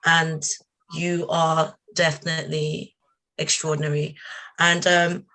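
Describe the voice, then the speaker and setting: A woman with a Nigerian accent hosts a live talk show, her voice sitting fairly low. She heaps warm, generous praise on her guests as she introduces them, in a relaxed spoken flow. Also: slow. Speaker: host. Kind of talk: live online radio talk.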